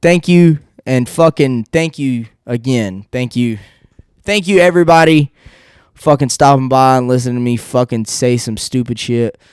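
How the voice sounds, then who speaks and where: Male solo podcast host, mid pitch, smooth and clean, dry close sound, rambling and profane. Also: normal speed, darkish tone, dry recording. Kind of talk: casual solo podcast rant. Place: seated indoors without a backrest.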